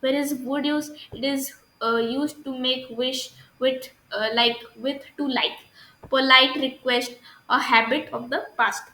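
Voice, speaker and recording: Indian English woman, grammar teacher, halting delivery, sharp bright tone. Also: high-pitched, fairly even intonation, reverberant, rough recording. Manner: hesitant, many fillers and restarts, asks "understood?". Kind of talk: recorded grammar lesson.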